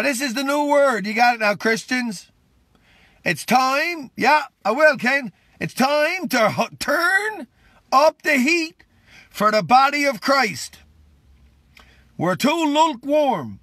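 A man, tired and worn out, preaching on a live stream in an excitable, fervent, exclamatory way. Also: very high voice, no room sound. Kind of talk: impromptu livestream preaching and greetings.

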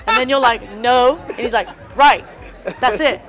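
A woman's voice: on the high side, measured pace, voice pushed up, lightly acted. Woman doing a rambling American star. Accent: put-on American. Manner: meandering food metaphors, then a blunt punchline. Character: rambling American male music star, fond of metaphors. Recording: music and crowd behind.

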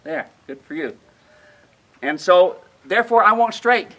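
A man's voice: high-pitched, expressive, a little slow, sharp tone, a little hiss or hum, low-quality recording. A man demonstrating mule halter training outdoors at a ranch, folksy and emphatic, who keeps asking his listeners questions.

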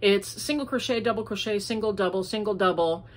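Speaking a little fast at medium pitch, a woman casually hosts her homemade crafting podcast from home. The talk is easygoing and unscripted, rambling and wandering, with plenty of fillers.

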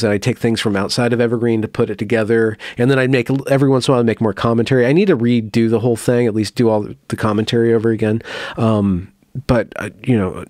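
A man's voice: lowish voice, darkish tone, no room sound, clean studio sound. A man hosting an interview, reflecting casually and at length, correcting himself as he goes. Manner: reflective, rambling, self-correcting. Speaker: interview host. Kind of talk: casual conversation.

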